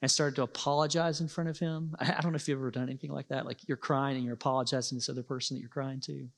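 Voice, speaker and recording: A man's voice: mid-range voice, level tone, vocal fry. Earnest male preacher in a reverberant hall. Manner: earnest, pauses for emphasis, rises to passionate peaks. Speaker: pastor. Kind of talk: sermon.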